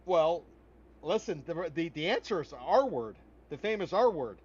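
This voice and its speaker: A man with a high, lifted voice argues his point bluntly and emphatically, with a folksy turn of phrase. The sound is a little dull and lo-fi, like a podcast debate. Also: very animated, normal speed, darkish tone, breathy edge. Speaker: podcast host.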